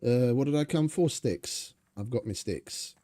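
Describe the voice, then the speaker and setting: A man's voice: medium pitch, expressive, unhurried, warm tone. A young man giving rambling, sarcastic, swearing commentary over his gameplay. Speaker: gaming channel host.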